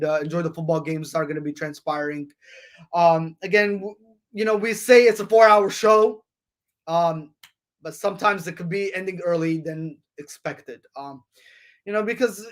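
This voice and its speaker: A man hosts his own sports podcast in a high, light voice. He talks loosely and rambles, filling gaps with ums and uhs and restarting sentences as he runs through games and scores. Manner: rambling, frequent fillers and restarts; addresses listeners as folks, ladies and gentlemen. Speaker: podcast host.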